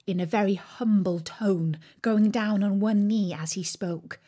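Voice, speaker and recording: Unhurried, animated storybook reader; clear, lively female narration. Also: medium pitch. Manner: expressive, acts out the characters. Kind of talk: slow storybook reading for learners.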